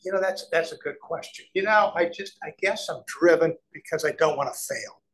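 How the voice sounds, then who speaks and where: Animated storytelling businessman, higher voice. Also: brisk, slightly rough, low-quality recording. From Nebraska, USA. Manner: animated storyteller, acts out quoted voices, frequent restarts. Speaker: real estate developer, guest. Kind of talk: conversational storytelling interview.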